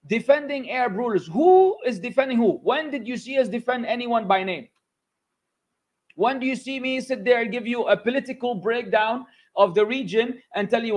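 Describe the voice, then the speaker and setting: Male religious teacher with a very high voice, lively and scolding, code-switches into Arabic. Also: normal speed. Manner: animated, scolding, mixes in Arabic phrases. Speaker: Islamic teacher. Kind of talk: religious class lecture.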